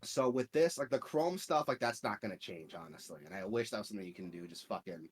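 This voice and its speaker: A man's voice: lowish voice, lively intonation, fast talker, husky. A man hosting a gaming podcast, chatting casually in a profane, rambling way full of filler words. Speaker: podcast host.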